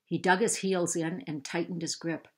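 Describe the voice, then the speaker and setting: A woman reading a children's novel aloud, measured and unhurried, lifting her voice for the characters. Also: lowish voice, fairly even intonation. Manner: slow, measured storytelling with raised voices for dialogue. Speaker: reader.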